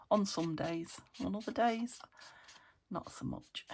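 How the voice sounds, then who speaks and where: A middle-aged woman from the UK talks her way through a crafting session, thinking aloud and often sinking into half-whispers. Her voice is croaky and gravelly, sitting slightly low. A faint noise hangs behind the recording. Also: animated, normal speed. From United Kingdom. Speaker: crafting channel host. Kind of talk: casual crafting chat.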